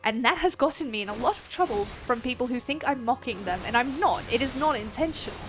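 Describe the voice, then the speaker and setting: A young woman with an Australian accent talks through her game in a loose, chatty live-stream ramble. She swears easily, laughs often, and shouts at the enemies on screen. Her voice sits high, with soft game music playing underneath. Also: animated, fast. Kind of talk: casual live-stream chat while gaming.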